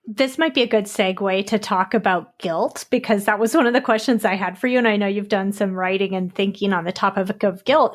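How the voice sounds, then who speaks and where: Chatty woman podcast co-host. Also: mid-range voice. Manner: casual, chatty, relatable. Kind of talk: conversational podcast talk.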